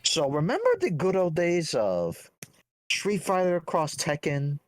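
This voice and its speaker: A man on a casual gaming podcast, ranting in an animated way as he builds up his points. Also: a little high, measured pace, dry recording. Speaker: podcast co-host.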